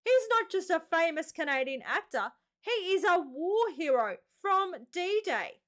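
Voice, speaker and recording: An excitable Australian woman hosting a reaction video, chatting casually and exclaiming often. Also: very high-pitched, unhurried.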